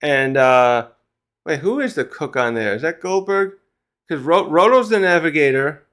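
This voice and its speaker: A man's voice: on the high side, expressive, normal speed, a bit bright, clean tone. A man giving a casual manga chapter review who rambles, gets sidetracked and swears casually.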